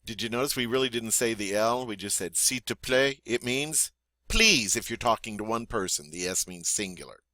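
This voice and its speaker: A man teaching a French vocabulary lesson, saying each word clearly and patiently, then asking the learner to repeat it. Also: on the low side, lively intonation, normal speed, sharp tone, dry recording. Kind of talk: spoken language lesson.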